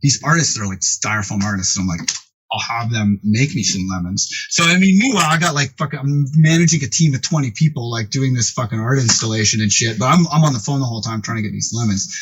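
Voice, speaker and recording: A man, a music producer guest on a podcast, tells a rambling, animated story full of swearing and acts out the characters' voices. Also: medium pitch, fast, slightly rough, muffled recording.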